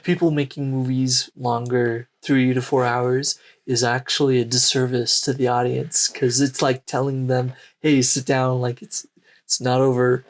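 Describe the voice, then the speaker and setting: A man in casual podcast conversation with a mid-range voice. He agrees along often and then reflects at length on what he has watched. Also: mid-range voice. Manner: frequent backchannel agreement, reflective. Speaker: podcast co-host. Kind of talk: casual chat.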